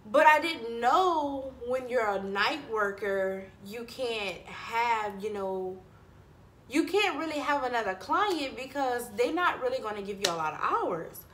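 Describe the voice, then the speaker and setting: A woman's voice: a little high, unhurried, slight background noise. Chatty young woman in an echoey room. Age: young adult. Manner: chatty, animated storytelling, talks to viewers as y'all. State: stressed. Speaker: vlogger. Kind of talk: casual chat to camera.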